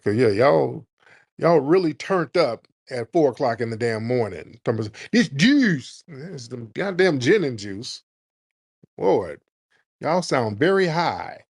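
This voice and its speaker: A man hosting a livestream call-in, mocking callers in an animated, sarcastic way with sudden high exclamations. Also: gravelly, slightly rough, dry recording, studio quality. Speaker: livestream host.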